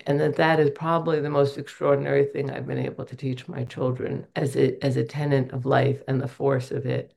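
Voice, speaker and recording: At a recovery meeting, a middle-aged woman shares a candid, earnest personal testimony, telling stories on herself with self-deprecating humor. She has a bass voice with vocal fry.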